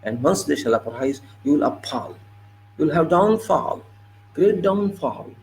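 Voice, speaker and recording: A man delivers an impassioned monologue, his gravelly voice rising in indignation as he lectures and repeats himself. A faint hum sits under the recording. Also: on the high side, expressive, measured pace, darkish tone, rough recording. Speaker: political commentator.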